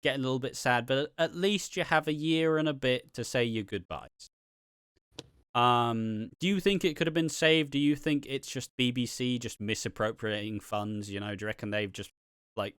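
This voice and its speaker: A man co-hosting a podcast, giving an animated, opinionated rant with plenty of swearing. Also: medium pitch, normal speed, clean tone, no echo, clean studio sound. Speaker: podcast co-host.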